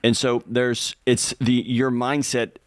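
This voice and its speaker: A man co-hosting a call-in advice show, animated and lively, acting out quotes. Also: medium pitch, slow, no room sound, studio quality. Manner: animated, acts out quotes in voices. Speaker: radio show co-host. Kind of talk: casual advice talk.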